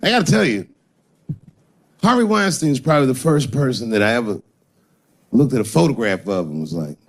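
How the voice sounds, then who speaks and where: A man's voice: medium pitch, sing-song, a little fast. A male stand-up comedian telling loose stories on stage, breaking into voiced asides. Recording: live stage with loud audience laughter.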